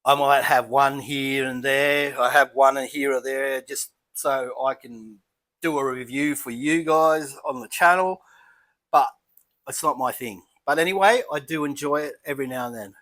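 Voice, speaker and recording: An Australian man reviewing beer in a casual home vlog, chatty and relaxed, talking as he eats and drinks. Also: mid-range voice, normal speed. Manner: relaxed, chatty, thinking aloud while eating and sipping.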